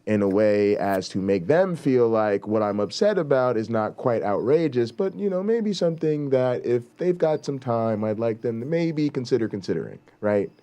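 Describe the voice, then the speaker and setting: In a mellow mid-range voice with big pitch swings, this male host talks at normal speed and barely pauses. His talk show commentary is casual, blunt and emphatic, laced with swearing and repeated rhetorical "right?"s.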